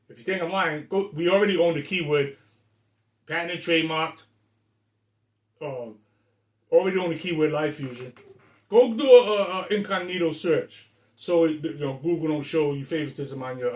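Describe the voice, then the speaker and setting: A man in his sixties from Rhode Island, ranting bluntly and emphatically to the camera with plenty of profanity. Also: a little high. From Rhode Island, USA. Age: 60s. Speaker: vlogger. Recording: echoey room.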